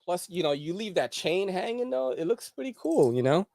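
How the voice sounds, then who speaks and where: A man's voice: high voice, normal speed, vocal fry, slight background noise. A young man hosting a casual livestream chat, slangy and laughing as he tells stories. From Philippines. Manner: slangy, laughing, animated storytelling. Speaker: host.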